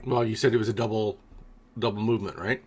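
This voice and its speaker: Man, tabletop player, husky voice, relaxed, casual. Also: fairly low pitch, quick pace.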